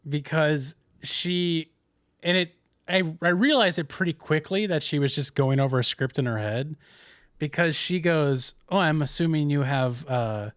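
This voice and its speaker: A man's voice: on the high side, unhurried, fairly bright tone, no echo, studio quality. A young man, a podcast co-host telling a rambling story in casual chat with many restarts.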